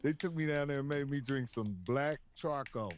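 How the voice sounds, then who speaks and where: A man's voice: medium pitch, moderate pace. Laid-back profane man in his fifties. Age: 50s. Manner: laid-back, profane, acts out voices in stories. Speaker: guest comedian. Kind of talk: casual storytelling chat. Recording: faint background noise.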